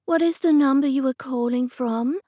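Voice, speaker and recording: A woman plays a curt call-centre operator, sounding flat, bureaucratic and demanding. Her high-pitched voice, raised above her natural one yet close to everyday speech, comes at normal speed in clean studio sound with no echo.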